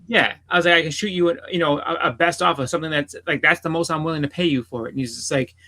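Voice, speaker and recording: Fast, gravelly man telling a story. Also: a little high, sharp tone, rough recording. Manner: rambling, repeats "I was like", swears freely. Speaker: podcast co-host. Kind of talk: casual storytelling chat.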